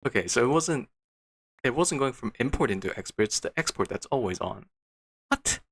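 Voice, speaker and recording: A man's voice: medium pitch, lively intonation, normal speed, gravelly, a bit bright, husky, no echo. A man streaming a game, muttering to himself with frustrated, disbelieving outbursts. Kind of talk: casual gameplay commentary.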